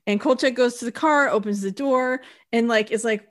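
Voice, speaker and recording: A woman's voice: on the high side, lively intonation, brisk, few pauses. A woman co-hosting a podcast, recapping an episode in a wry, chatty storytelling way. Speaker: podcast co-host.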